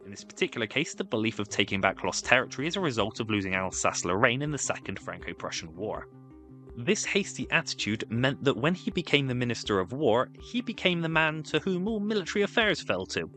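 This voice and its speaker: A man's voice: mid-range voice, big pitch swings, a little fast, sharp tone, faint music behind. A man giving scripted, comedic history narration with wry, sarcastic asides.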